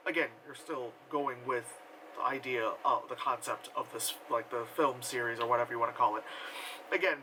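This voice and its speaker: A man's voice: on the high side, sharp tone, slight background noise, rough recording. A man giving a casual, rambling film review full of fillers and offhand swearing. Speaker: movie reviewer.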